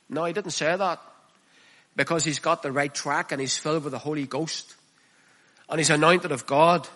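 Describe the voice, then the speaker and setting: Male preacher, high voice, bright and forceful tone, impassioned sermon, swings from hushed to loud. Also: a little slow, long pauses. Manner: reads scripture aloud and expounds it.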